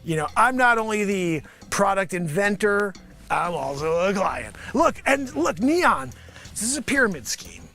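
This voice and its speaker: A man hosting a live improv comedy show, rambling through a pitchman bit and talking to an imagined panel, now and then bursting into shouts. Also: very animated, measured pace, faint music behind.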